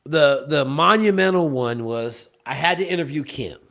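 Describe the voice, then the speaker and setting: A man's voice: on the high side, normal speed, a bit bright. A man, a podcast guest, telling a story emphatically and often checking in with "okay?". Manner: emphatic, punctuates with "okay?" and "bro". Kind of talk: animated storytelling in a conversation.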